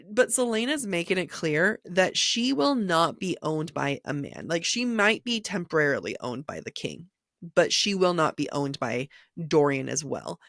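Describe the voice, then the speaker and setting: Woman, podcast co-host, casual book talk, analytical, lowish pitch. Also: very animated, moderate pace, creaky, fairly bright tone, no room sound, clean studio sound. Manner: thoughtful, analytical, conversational.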